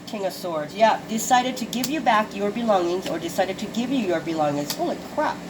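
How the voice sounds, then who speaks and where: Woman, casual tarot reader, mid-pitched, chatty and profane, over a noisy background. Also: expressive, a little fast. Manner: chatty, swears freely, exclaims at the cards. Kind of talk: casual intuitive card reading to viewers.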